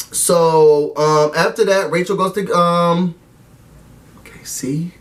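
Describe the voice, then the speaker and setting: A man giving a casual, animated recap and review of a TV episode, talking straight to his viewers. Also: high voice, takes it slowly, recorded from a distance. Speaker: TV recap vlogger.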